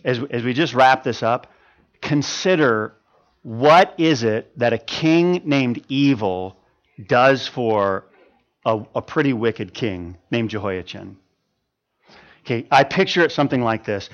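A man's voice: mid-range voice, takes it slowly, lo-fi sound. A man preaching a sermon, retelling a story with lots of stammered repeats. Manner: animated, stammering repetitions.

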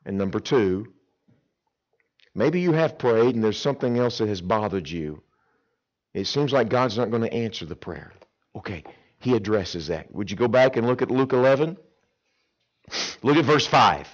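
Animated, folksy male preacher. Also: lowish voice, moderate pace, long pauses, lo-fi sound. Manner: animated, folksy storytelling with humor. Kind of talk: sermon.

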